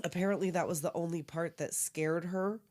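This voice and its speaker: A woman's voice: fairly low pitch, fairly even intonation, normal speed, darkish tone. A woman co-hosting a podcast, chiming in emphatically and swearing freely while recapping a film. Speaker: podcast co-host. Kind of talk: casual chat recapping a film.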